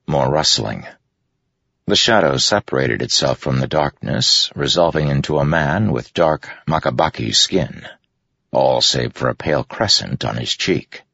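A man narrates a story in a very deep, gravelly voice with lively shifts of pitch. His voice is husky. The recording is dry and slightly muffled. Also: no echo. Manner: measured, steady storytelling. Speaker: audiobook narrator. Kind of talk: scripted narration.

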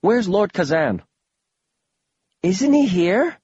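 A man's voice: sits high, very animated, slow, darkish tone, breathy edge, no echo, muffled recording, pitched above the performer's own voice, full character voice. A man voicing a worried, chatty young woman with a lifted voice. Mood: concerned.

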